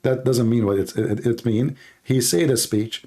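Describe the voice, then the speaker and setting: A man's voice: medium pitch, moderate pace, warm tone. A man hosting a call-in debate, pressing his caller with repeated challenging questions. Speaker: host.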